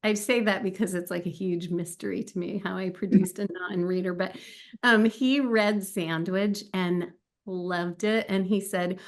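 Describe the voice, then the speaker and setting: A woman's voice: medium pitch, fairly even intonation, a little slow. A woman in her fifties, an author talking as a guest in a casual, chatty way, laughing often and using many fillers. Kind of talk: casual chat.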